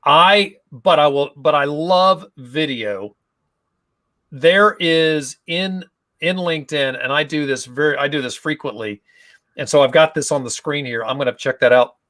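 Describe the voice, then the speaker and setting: An enthusiastic man with a fairly high voice tells stories as a guest in a relaxed video-call interview. His voice sounds dry and close, with no room around it. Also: a little slow, no room sound. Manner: enthusiastic, storytelling. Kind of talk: casual interview chat.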